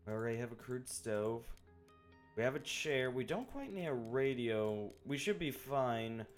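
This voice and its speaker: Guy streaming a game, slow talker but his voice jumps around a lot, faint music behind. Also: medium pitch, very animated. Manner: loose and chatty, swears, thinks out loud. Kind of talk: casual live gameplay commentary.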